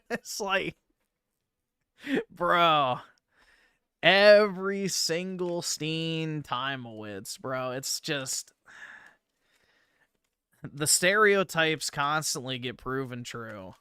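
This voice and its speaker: Bright, crisp-voiced man streaming casually. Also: on the high side, extremely slow, long pauses, dry recording, clean studio sound. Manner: blunt, swears constantly, scoffing. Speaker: streamer reacting to another stream. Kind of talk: casual profane livestream commentary.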